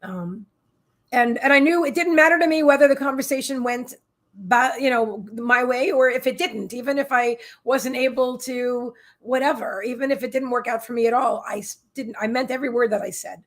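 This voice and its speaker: A middle-aged woman with a slightly high voice hosts a casual psychic livestream. She tells her story in an emotional, rambling way, restarting her sentences and turning aside to greet viewers in the chat.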